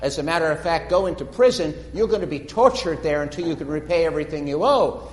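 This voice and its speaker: A preacher voicing a booming stern king. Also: quick pace, natural voice. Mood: commanding. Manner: booming, dismissive orders. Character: stern powerful king, male, commanding. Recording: echoey hall reverb.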